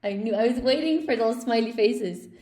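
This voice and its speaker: A woman's voice: fairly high pitch, normal speed, dark tone, roomy sound. A woman teaching a live online English class, cheerfully praising students by name as she goes through quiz answers.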